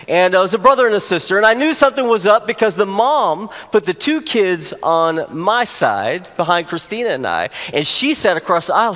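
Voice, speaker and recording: A man, a pastor, telling a humorous personal story during a sermon, animated at the funny moments. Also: high voice. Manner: storytelling, rising to animated exclamations for comic effect. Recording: long hall reverb.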